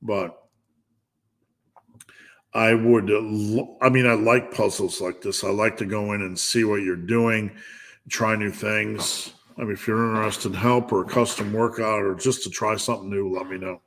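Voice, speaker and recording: A middle-aged man with a somewhat low voice answers viewer questions on a live stream. His strength-coaching advice comes out blunt and joking, often with false starts and repeated words. The talk stays casual and off the cuff. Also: fairly even intonation, moderate pace, a bit bright.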